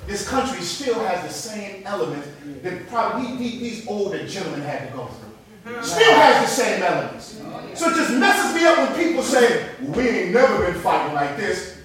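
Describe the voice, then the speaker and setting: High-voiced preacher man in an echoey hall. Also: normal speed, crowd noise. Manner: animated storytelling, rising to shouted preaching. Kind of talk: sermon. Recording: echoey hall, mic from a distance, congregation audible.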